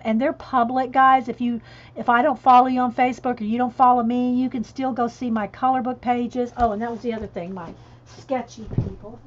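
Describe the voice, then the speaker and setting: A chatty woman with a lilt, talking casually and laughing easily as she answers viewers. Her voice sits a bit high. The stream audio is dull and lo-fi. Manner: chatty, laughing, reads chat aloud. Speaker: coloring livestream host. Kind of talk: casual livestream chat.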